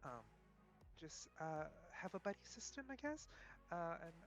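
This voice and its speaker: A man's voice: fairly high pitch, very animated, soft background music, poor audio. A man doing an anxious new investigator, stumbling words, earnest, role-play. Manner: halting, full of ums and restarts. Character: nervous, earnest young paranormal investigator.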